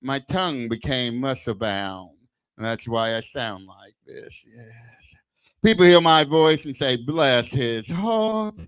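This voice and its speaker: A man's voice: mid-range voice, a little slow, a bit bright, clean tone, dry recording. Older man with a lisp doing stand-up. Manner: self-deprecating punchlines with crude jokes. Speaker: stand-up comic. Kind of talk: stand-up set at an open mic. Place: small bar club. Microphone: handheld stage mic.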